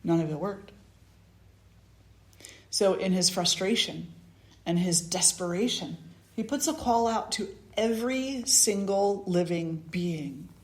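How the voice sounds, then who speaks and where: A woman spiritual teacher telling a parable and preaching in an earnest, measured manner. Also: mid-range voice, lively intonation. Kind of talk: storytelling sermon. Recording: roomy echo.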